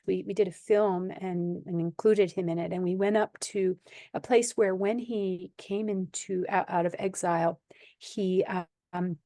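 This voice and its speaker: A woman from the United States, a podcast guest telling animated anecdotes in conversation and laughing often. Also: mid-range voice, unhurried, no room sound. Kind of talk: conversational storytelling.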